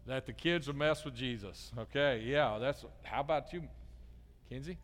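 A middle-aged pastor gives a children's sermon, coaxing the kids with lively questions. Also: male voice, medium pitch, moderate pace. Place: church sanctuary. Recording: long reverb of a large church hall.

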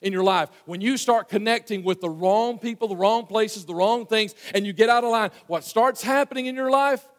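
A preacher with a high, folksy voice works through a scripture story, rising to near shouts and dropping to hushes. His sermon rings through a long hall reverb. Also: moderate pace, hardly any pauses.

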